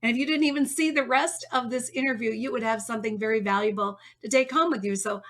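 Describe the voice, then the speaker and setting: A woman's voice: a little high, quick pace, a bit bright. A woman hosting an interview show, affirming her guest and laughing often. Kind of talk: casual interview talk.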